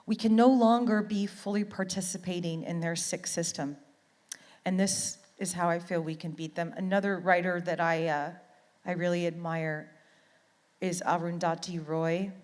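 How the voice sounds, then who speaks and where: A woman's voice: fairly low pitch, fairly even intonation, normal speed, darkish tone, in a large hall. A middle-aged woman from Canada giving an earnest, heartfelt motivational talk as a conference speaker, often repeating words for emphasis.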